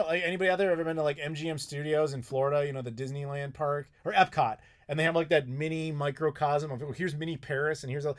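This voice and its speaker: A man in his thirties hosting a live stream from home, answering chat questions in a rambling, casual way with some swearing. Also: on the high side. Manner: rambling, chatty, with frequent swearing and laughs. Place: home in Chicago.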